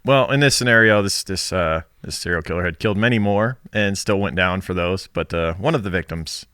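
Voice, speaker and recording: A man's voice: low-pitched, brisk, bright, forceful tone, clean tone, no echo, studio quality. A man with an Australian accent co-hosting a podcast, chatting casually and joking as he presents a case.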